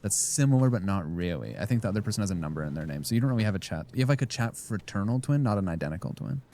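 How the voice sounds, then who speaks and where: A man's voice: fairly low pitch, lively intonation, very fast, dark tone. A man streaming a game, rambling and joking casually as he talks to his chat. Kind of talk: casual live-stream chat while gaming.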